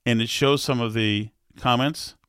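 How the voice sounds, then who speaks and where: A man's voice: mid-range voice, steady tone, fairly bright tone, clear, resonant tone, no room sound, clean studio sound. A man talking casually on his own, hesitant with many restarts, laughing as he reads comments aloud. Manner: halting, many restarts, laughs while reading. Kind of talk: casual solo talk, reading comments aloud.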